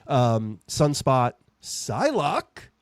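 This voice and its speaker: A man's voice: mid-range voice, wildly swooping pitch, drawn-out words, dry recording, clean studio sound. A man hosting a podcast, chatting in a rambling, jokey way. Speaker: podcast host. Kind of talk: casual podcast chat.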